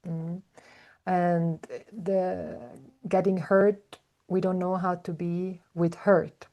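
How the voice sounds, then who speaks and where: A woman giving a reflective spiritual talk, speaking slowly and thoughtfully with soft hums and fillers. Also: fairly low pitch, little pitch movement. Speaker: spiritual teacher, podcast host.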